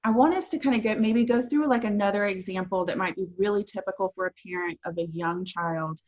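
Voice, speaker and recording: A woman's voice: medium pitch, fairly quick, a little mellow. A woman hosting an interview and asking upbeat, conversational questions with casual fillers. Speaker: host, therapist. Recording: dull lo-fi audio.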